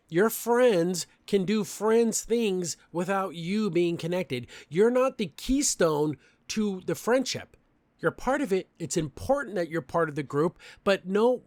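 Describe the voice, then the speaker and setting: A young podcast host from a Mexican family background recaps a cartoon episode, chatty and opinionated with lots of fillers. His high voice is animated and a little mellow, delivered at a measured pace with no room sound.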